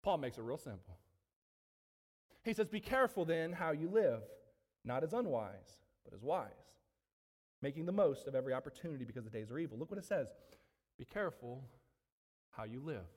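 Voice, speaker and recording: Animated man preaching in a church hall. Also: fairly high pitch, a little fast, long pauses. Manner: animated, preaching with asides to the congregation. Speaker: pastor. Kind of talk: sermon. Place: church sanctuary.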